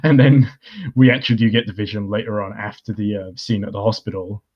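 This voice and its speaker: A man's voice: lowish voice, fairly even intonation, brisk, slightly rough, muffled recording. A man hosting a podcast, chatting casually and rambling with frequent laughs. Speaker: podcast host. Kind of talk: casual chat.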